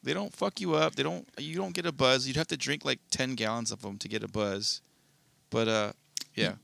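A man's voice: mid-range voice, moderate pace, vocal fry, a bit bright, no echo. A young man co-hosting a podcast, telling a long rambling story in casual chat and swearing freely. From Southern California. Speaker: podcast co-host.

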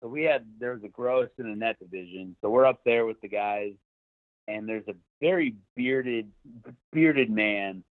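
A man's voice: lowish voice, normal speed, dry recording. A man in his thirties telling a golf story as a podcast guest, loose and chatty with plenty of "like" and the odd curse. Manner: loose and chatty, lots of "like", some swearing. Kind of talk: casual storytelling. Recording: dry, tinny phone-like line.

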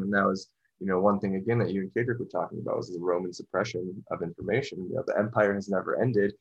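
A man with a husky, fairly low voice talks in a loose, rambling way, circling back with "you know" and restarts. The recording sounds dull and lo-fi. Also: a bit bright. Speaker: podcast discussion guest. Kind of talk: casual discussion.

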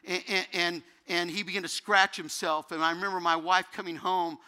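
A man's voice: high voice, little pitch movement, moderate pace, pushed and bright, smooth. A man preaching a sermon as a guest pastor, telling an emotional personal story that builds into fervent preaching. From United States.

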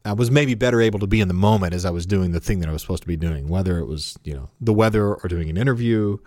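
A man's voice: sits low, rapid-fire, darkish tone, dry recording, studio quality. A man co-hosting a casual chat, reflective and self-deprecating, laughing often. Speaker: podcast co-host.

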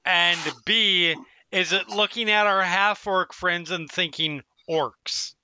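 A man's voice: high voice, steady tone, slow pace, sharp tone, smooth, no echo. A man playing a tabletop game, thinking through questions methodically. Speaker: player. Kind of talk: casual tabletop play.

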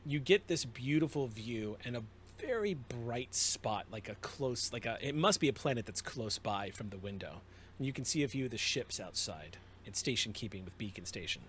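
A man running a tabletop game as game master, narrating scenes in an unhurried, descriptive way with small restarts. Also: mid-range voice, lively intonation, a bit bright, a little hiss or hum.

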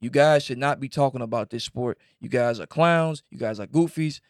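A man's voice: medium pitch, moderate pace, no room sound, studio quality. A man co-hosting a sports talk show, ranting animatedly about boxing critics. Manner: animated, ranting, mimics others. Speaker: podcast co-host.

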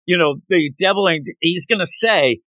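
A man chatting on a podcast about a manga chapter, bouncing through quick acted-out voices for the characters. His voice sits a touch high and comes across bright and forceful. The sound is close and dry, with hardly any room. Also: no room sound. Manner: animated, acts out characters' lines in jumpy put-on voices. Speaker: podcast co-host. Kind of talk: casual chat recapping a manga chapter.

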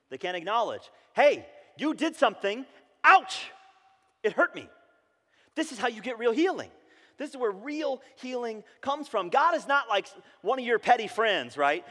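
Male pastor, thirties, animated conversational sermon, lively voice, long church-hall reverb. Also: medium pitch. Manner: animated, conversational preaching that swings from loud to hushed. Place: church sanctuary.

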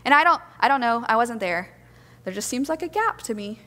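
A woman preaching a sermon to a congregation, gentle, earnest and reflective. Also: fairly high pitch, animated, fairly quick, in a large hall.

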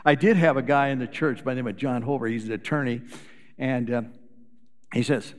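A man's voice: medium pitch, fairly quick, in a large hall. An older man, a retired pastor, preaching a sermon in a folksy storytelling way, sharing anecdotes. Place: church sanctuary.

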